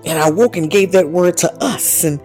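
A woman preaches with fervent, repeating urgency and speech, calling out again and again as her pitch climbs and falls. Faint music plays under her voice. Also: moderate pace, a little mellow. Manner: fervent, repeats "listen" and "my God", speaks in tongues. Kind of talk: charismatic sermon.

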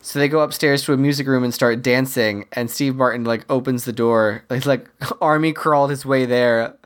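A co-host recapping a film scene by scene in a relaxed, chatty way. The voice sits at a middle pitch, and the speaker slips into quick impressions of the characters and laughs along the way. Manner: chatty storyteller, acts out quotes, laughs often. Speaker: podcast co-host. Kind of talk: casual movie recap.

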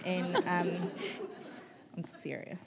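A New woman with a somewhat low voice tells her story in a candid, conversational way. She is frank and animated, drops a casual swear word, laughs easily and fills her sentences with "like". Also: drawn-out words, creaky, very noisy. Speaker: author guest at a book festival. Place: live book festival stage.

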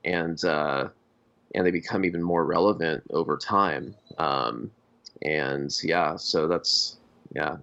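A man co-hosting a podcast, talking about films in a halting, hesitant way. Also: extremely low pitch, creaky, pushed and bright. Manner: halting, full of fillers and restarts. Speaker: podcast co-host. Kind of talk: casual film discussion. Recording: dull lo-fi podcast audio.

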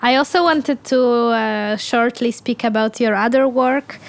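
A woman's voice: on the high side, steady tone, measured pace, gravelly. A woman interviewer asking questions hesitantly, with fillers.

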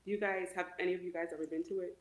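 A woman's voice: lowish voice, steady tone, very fast. Chatty woman in an echoey room. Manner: chatty, full of "like" and fillers. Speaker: co-host. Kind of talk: casual podcast chat.

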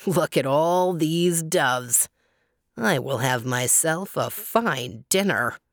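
A woman voicing a greedy male hunter in a children's story, speaking low and self-satisfied. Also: expressive, slow pace, dry recording, clean studio sound, exaggerated voice. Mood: gloating.

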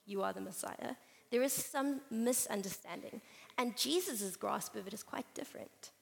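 A woman's voice: medium pitch, creaky. A woman speaker at a conference, preaching and reading scripture in a conversational, storytelling manner. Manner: conversational, storytelling with playful asides. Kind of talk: sermon with Bible reading. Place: conference hall. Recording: reverberant hall.

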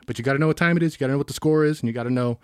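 Man, rowdy, swearing, joking, quick, dry close mic. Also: mid-range voice, clear, resonant tone, no room sound. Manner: rowdy, swears a lot, jokey. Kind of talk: casual chat.

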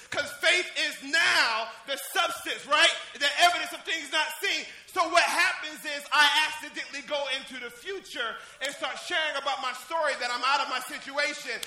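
A man preaching an exuberant sermon in church, shouting and laughing as he calls out to members of the congregation by name. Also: very high voice. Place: church service. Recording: echoey church with faint music.

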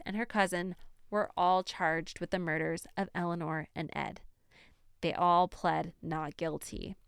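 A woman's voice: medium pitch, fairly bright tone, clean tone, dry recording, studio quality. A young woman hosting a true crime podcast, telling the story in a chatty, casual way with frequent laughter and emphatic asides.

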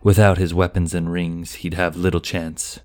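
A man narrating a fantasy audiobook in a slow, even, measured way. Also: deep voice.

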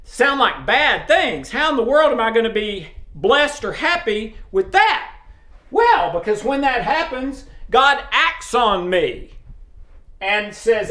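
A man's voice: high-pitched, sing-song, unhurried, pushed and bright. A middle-aged man giving a sermon in a plain conversational teaching way, often checking in with his listeners. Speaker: preacher. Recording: roomy echo.

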